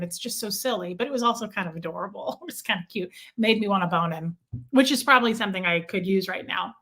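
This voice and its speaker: A woman with a medium-pitched, pushed and bright voice talks quickly while hosting a casual livestream, reading chat and venting to viewers in a chatty, repetitive way.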